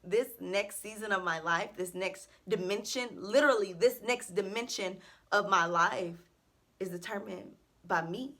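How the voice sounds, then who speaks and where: A college senior in her early twenties vents earnestly and emotionally to her vlog camera about faith and her future, sometimes close to tears. Her voice is fairly low in pitch, sounding pushed and bright.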